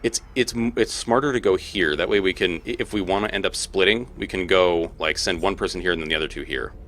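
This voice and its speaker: A man's voice: deep voice, fast talker, fairly bright tone, slight background noise. A young man casually commenting on his own gameplay as a let's play host, thinking aloud and laughing often.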